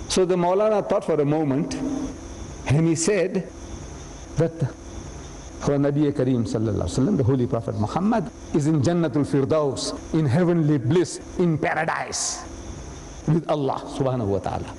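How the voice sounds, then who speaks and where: High-voiced man telling a story in a hall. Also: expressive, moderate pace, dark tone, slight background noise. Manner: dramatic, emphatic retelling with repeated punchlines. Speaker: religious lecturer. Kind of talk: storytelling lecture.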